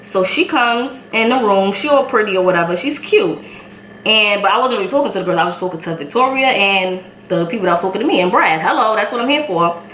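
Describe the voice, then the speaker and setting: A young woman in her twenties with a Brooklyn New York accent, telling an animated story while doing her makeup and acting out the people in it. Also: mid-range voice, a little fast. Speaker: beauty vlogger. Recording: echoey room, faint ambient noise.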